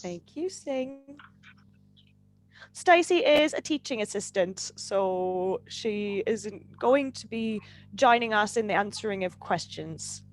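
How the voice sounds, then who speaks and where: A woman's voice: medium pitch, expressive, slow pace. A woman teaching an online English class on a video call, upbeat and teasing.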